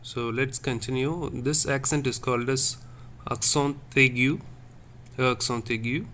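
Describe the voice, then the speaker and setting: Male language teacher, slow and repetitive, mid pitch, faint room noise. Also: steady tone, pushed and bright. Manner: slow, repetitive, checks with "okay?". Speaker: French teacher. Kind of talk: classroom lesson.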